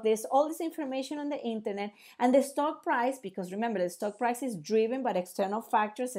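A woman teaching in a casual explainer style, animated and asking rhetorical questions, acting out little dialogues. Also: a little high.

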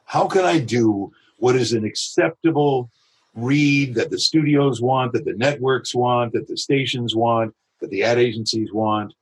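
A man, a voice actor, talking through his craft in a podcast interview, reflective and full of examples. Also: medium pitch. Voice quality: husky. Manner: reflective, explains with examples and quick imitations. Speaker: voice actor guest.

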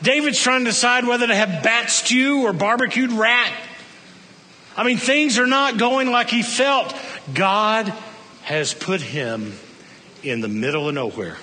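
A man preaches with a high, bright and forceful voice, pushing his phrases up loud and then dropping to a hush. The sermon has a storytelling feel. It echoes with the long reverb of a large hall. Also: a little slow. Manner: animated storytelling preacher, swinging from loud to hushed. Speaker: pastor.

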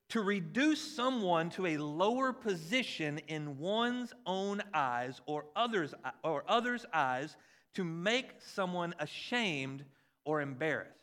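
A man in his forties, a pastor, preaching a conversational and animated sermon with jokes about his kids. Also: on the high side. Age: 40s.

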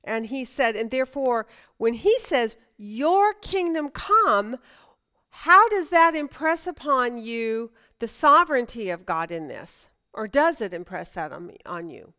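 A woman's voice: fairly high pitch, lively intonation, moderate pace, few pauses, pushed and bright, clean tone. A middle-aged woman leading a Bible study lesson, talking conversationally, asking the class questions and often restarting her sentences.

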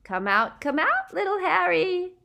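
A woman's voice: very high voice, huge pitch swings, a little slow, gravelly, pushed and bright, voice pushed up, full character voice. A woman voicing a cruel, gloating adult witch who taunts in a sing-song mock baby voice and shrieks. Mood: mocking baby talk.

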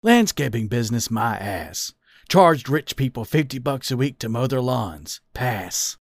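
A man's voice: medium pitch, very animated, unhurried, dry recording, clean studio sound. A man doing a teasing older fox father. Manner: drawling, mischievous teasing. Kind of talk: storybook character voice.

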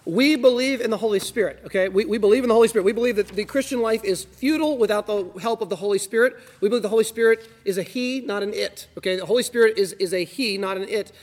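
A man leading a church class, telling stories in an energetic, emphatic way. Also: high voice, fast, few pauses. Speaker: class leader. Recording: reverberant hall.

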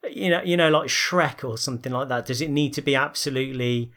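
A man's voice: mid-range voice, brisk, fairly bright tone. A man hosting a casual podcast, asking questions and teasing his co-host. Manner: asks questions, teases, reads out quotes. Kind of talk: casual chat.

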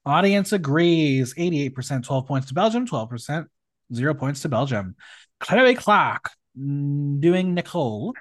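A man hosting a podcast, chatting casually and giving opinionated reviews of runway looks in an animated way. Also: on the high side, a little slow, dry recording, clean studio sound. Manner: animated, opinionated, swings between loud and hushed. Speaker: podcast host. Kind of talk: casual recap chat.

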